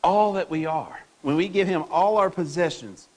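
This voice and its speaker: Man, pastor preaching a sermon, high voice, emphatic, rhetorical questions. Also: moderate pace. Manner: reads scripture aloud to the congregation.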